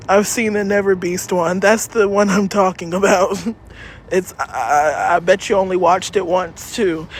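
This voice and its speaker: A woman streams live from a city street, chatting in a loose, rambling way and swearing freely. Her voice sits in a middle range. Traffic and street noise are clearly heard behind her, and the street gives off an echo. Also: mid-range voice. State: cold. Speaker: livestreamer. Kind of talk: casual live-stream chat.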